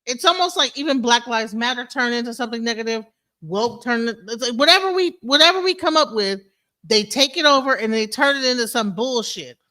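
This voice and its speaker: High, bright-voiced woman streamer. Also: a little fast. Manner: animated, incredulous, talks to viewers as "bro" and "y'all". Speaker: stream host. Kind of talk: casual reaction commentary.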